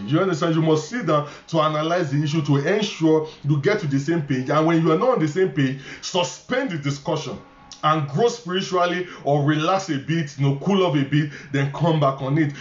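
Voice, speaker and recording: A male pastor with a Nigerian accent preaching a sermon, repeating key phrases emphatically, with stammering restarts. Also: on the high side. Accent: Nigerian English. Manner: repetitive, emphatic, stammering restarts, chuckling asides. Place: church hall. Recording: echoey, dull church recording with faint ambience.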